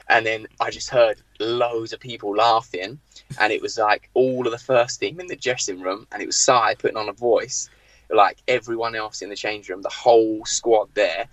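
Ex-pro in his thirties, lowish forceful voice, animated self-mocking storyteller, dry podcast sound. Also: fairly quick, dry recording, poor audio. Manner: lively storyteller, laughs at himself. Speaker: former professional footballer, guest. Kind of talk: casual anecdote telling.

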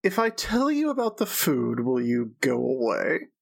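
Man voicing a Medusa woman, vain, lazy, dismissive, husky. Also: mid-range voice, wildly swooping pitch, measured pace, full character voice. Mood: grudging. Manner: weary, dismissive. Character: vain lazy female Medusa lounging in a bath.

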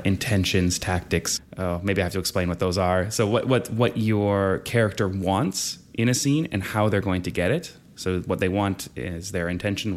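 A young man from Canada who teaches drama, talking casually in an interview, relaxed and chatty with frequent laughs. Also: deep voice. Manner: relaxed and chatty, laughs often, acts out quoted voices.

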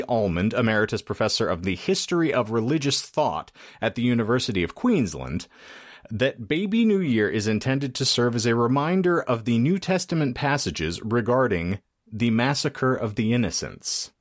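A man's voice: medium pitch, sing-song, normal speed. A man hosting a podcast, reading out research in a wry, mock-formal way and breaking into laughs, with a casual chat feel. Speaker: podcast host presenting research.

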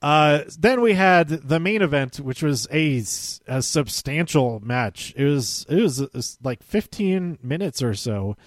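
A man's voice: on the high side, lively intonation, measured pace, hardly any pauses, no room sound, clean studio sound. A man giving a casual, rambling spoken recap, often restarting and correcting himself with small chuckles. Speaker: show recap host.

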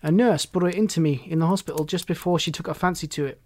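A man reading the part of a wistful, remorseful grown man, speaking in a measured, reflective way. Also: a little high, a little mellow, natural voice.

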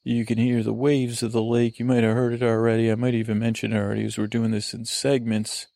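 A man hosting a comedy podcast outdoors by a lake, joking and rambling in an excitable put-on voice. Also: medium pitch, fast, gravelly, no room sound. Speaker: podcast host.

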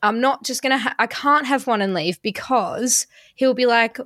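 A woman's voice: a little high, a bit bright, no echo, studio quality. A young woman hosting a casual podcast, asking questions and riffing in a joking, chatty way. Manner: chatty, joking, quick riffs. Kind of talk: casual chat. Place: London.

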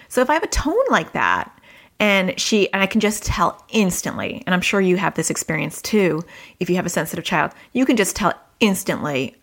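Woman talking through parenting advice. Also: vocal fry. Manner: conversational, acts out quoted dialogue with lively pitch jumps. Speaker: parenting coach. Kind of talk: advice podcast talk.

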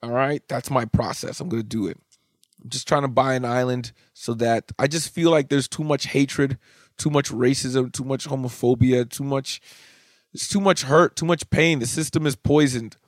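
A man in his thirties hosting a podcast alone, rambling casually with lots of swearing and excitable bursts. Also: mid-range voice, moderate pace, no echo, clean studio sound. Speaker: podcast host. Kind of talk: casual solo podcast monologue.

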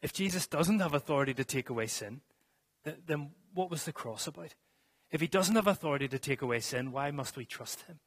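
A man's voice: on the high side, expressive, brisk, breathy edge. A man preaching a sermon to a congregation in a church, reading scripture and then explaining it earnestly, with some restarts.

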